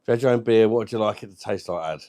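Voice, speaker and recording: He talks at a racing clip in a warm, lowish voice. As host of a casual beer review livestream, this man reads viewer comments and banters cheekily, swearing freely along the way.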